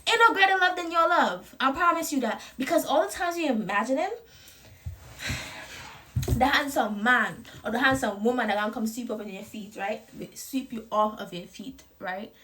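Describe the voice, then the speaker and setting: Speaking at a moderate pace in a fairly high, fairly bright voice, a young vlogger gives a casual motivational talk to camera about confidence while promoting her clothing brand. She's at home, playful and profane, heavy on slang and laughing a lot.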